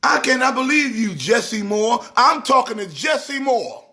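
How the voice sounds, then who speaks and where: This church organist, a middle-aged man from New York, runs a casual live stream about sports at a measured pace, his voice sitting high. He teases viewers with animation and sometimes slips into a preacher's exhorting rhythm.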